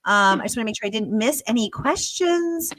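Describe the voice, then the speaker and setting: A woman's voice: fairly high pitch, animated, a little fast, a bit bright, no echo. An American woman hosting a live online book interview, chatty, laughing often and reading out audience comments. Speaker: host.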